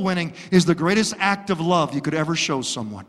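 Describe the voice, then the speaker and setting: Recorded in a church sanctuary where a large hall's long reverb lingers, a male pastor delivers a fervent sermon and acts out stories. He speaks briskly in an expressive voice on the high side.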